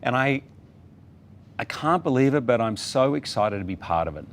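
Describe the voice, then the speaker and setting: A middle-aged man, a talk-show guest, telling a story in a relaxed, animated way and acting out the people he quotes. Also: mid-range voice, normal speed, slight background noise. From Australia. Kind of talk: casual talk-show anecdote.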